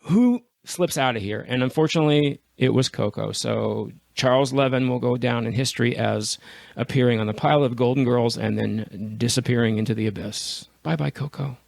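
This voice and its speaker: A man's voice: medium pitch, normal speed, creaky, no room sound. A man co-hosting a podcast, chatting animatedly and laughing as he tells backstage stories. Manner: animated storyteller, laughs often, acts out quotes. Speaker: podcast co-host. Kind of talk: casual podcast chat.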